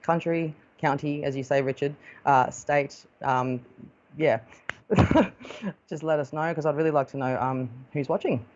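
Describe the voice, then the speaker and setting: A woman's voice: low voice, unhurried, a little mellow, dull audio. An Australian woman hosting a live stream as a psychic medium, chatting casually and affectionately, calling viewers darling as she greets them.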